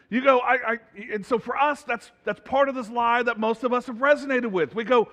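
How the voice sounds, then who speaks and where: A man preaching a sermon as pastor, in a conversational, animated way that builds to loud emphasis. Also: very high-pitched, brisk, hardly any pauses. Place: church sanctuary. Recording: reverberant church hall.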